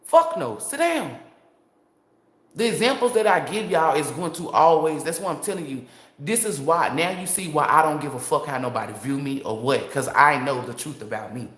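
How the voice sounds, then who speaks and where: A woman tarot reader talking straight to her viewers in a blunt, profane, fired-up unscripted monologue. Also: deep voice. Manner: blunt, profane, fired-up storytelling with rhetorical asides. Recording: roomy echo.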